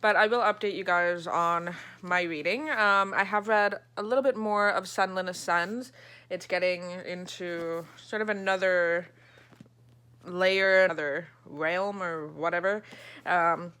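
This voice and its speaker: A woman's voice: fairly low pitch, steady tone, a little slow, pushed and bright, smooth. A woman book vlogger chatting casually about her reading, laughing often and swearing now and then. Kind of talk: casual vlog chat.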